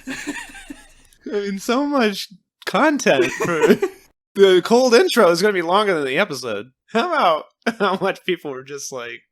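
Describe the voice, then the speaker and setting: A man's voice: high voice, sing-song, unhurried. A man co-hosting a podcast, chatting casually and giggling while he riffs on jokes. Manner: giggly, riffs with silly put-on voices. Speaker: podcast co-host. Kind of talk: casual comedic chat. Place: home recording late at night.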